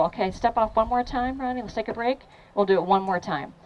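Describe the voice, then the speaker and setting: A woman fitness trainer running a lively training demo for a crowd at an outdoor event, encouraging and laughing often. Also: fairly high pitch, moderate pace, lo-fi sound, slight background noise.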